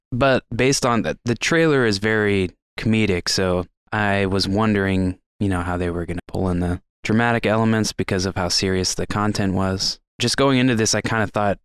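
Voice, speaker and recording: A man's voice: low voice, smooth, no echo. A man co-hosting a film podcast, talking through a movie in an easygoing, friendly way. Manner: easygoing, reads descriptions aloud, friendly. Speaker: podcast co-host. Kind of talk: casual film review chat.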